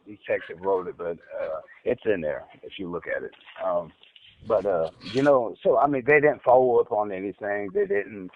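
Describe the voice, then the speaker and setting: A man's voice: lowish voice, animated, moderate pace, gravelly, a little hiss or hum. Stuttering man on a tinny phone line. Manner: rambling, repeats words, heated when recounting. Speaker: inmate telling his account. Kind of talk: recorded phone call.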